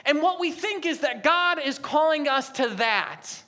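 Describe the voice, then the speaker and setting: A woman's voice: high voice, lively intonation, a little slow, pushed and bright. A young adult woman preaching a sermon as a pastor, asking the congregation a stream of rhetorical questions.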